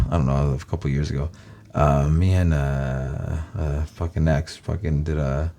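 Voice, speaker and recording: Speaking in a slightly mellow bass voice, a man from Los Angeles with a Californian American accent vlogs to his viewers, rambling casually and profanely and saying "guys" again and again.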